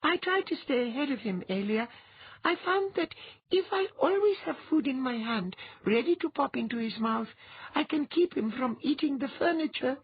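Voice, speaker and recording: A man's voice: very high voice, lively intonation, moderate pace, no room sound, dull audio, pitched above the performer's own voice, full character voice. A man voicing a tiny, nervous and eager young noblewoman in a storybook reading. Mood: earnest. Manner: breathy, nervous and earnest.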